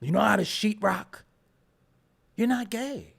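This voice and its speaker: A man's voice: high-pitched, animated, a little slow, gravelly, fairly bright tone. A man hosting a casual livestream, ranting at his chat in a profane, mocking way. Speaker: show host.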